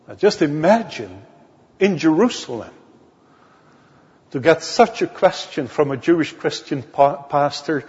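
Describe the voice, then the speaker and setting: A male minister from the Netherlands, preaching a sermon in slow, deliberate storytelling that leans on key words. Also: on the high side, lively intonation, darkish tone. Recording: dull audio with long hall reverb.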